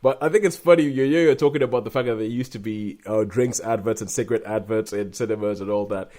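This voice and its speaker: A man's voice: lowish voice, fast, dark tone. A man hosting a podcast, talking in a chatty way with frequent laughs. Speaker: podcast host. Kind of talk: casual chat.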